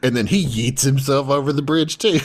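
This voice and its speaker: A man's voice: mid-range voice, lively intonation, normal speed. A man co-hosting a podcast, casually recapping an anime episode, acting out characters' lines in a raised voice and laughing often. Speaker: podcast co-host.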